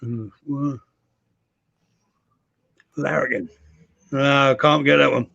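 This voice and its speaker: An English man being interviewed as a guest over a video call, good-humoured and gravelly, chuckling often. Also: mid-range voice, fairly even intonation, takes it slowly, sharp tone, muffled recording. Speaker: interview guest, wrestler and promoter. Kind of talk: casual interview chat.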